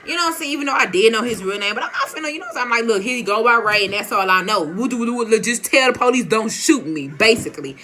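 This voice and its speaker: Bright-voiced Texan woman telling a story. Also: fairly high pitch, fast, hardly any pauses, slight background noise. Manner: animated, slangy, laughing through the story. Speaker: vlogger. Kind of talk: casual storytelling.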